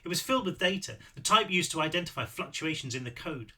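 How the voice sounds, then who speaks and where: A man, the author, reading his own novel aloud with lively storytelling and the odd self-correction. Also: fairly high pitch, brisk, slightly rough. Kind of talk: read-aloud narration.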